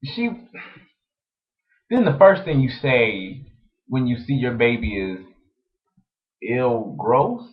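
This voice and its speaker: A young man talking casually to his webcam, chatty and animated, telling stories with lots of "like". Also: mid-range voice, slow, long pauses. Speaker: vlogger. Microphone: webcam microphone. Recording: dull lo-fi webcam audio.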